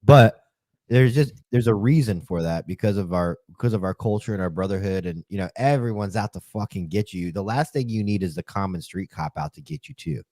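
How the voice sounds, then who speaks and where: A man's voice: on the low side, animated, a little fast, warm tone, no echo. A man who is a police officer, talking in a casual chat on a podcast in a heated, profane, emphatic way.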